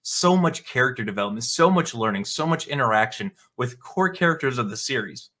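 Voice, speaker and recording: A man's voice: mid-range voice, expressive, a little fast, pushed and bright. A man hosting a commentary vlog, ranting in an indignant, mocking tone and swearing freely. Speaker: video commentator.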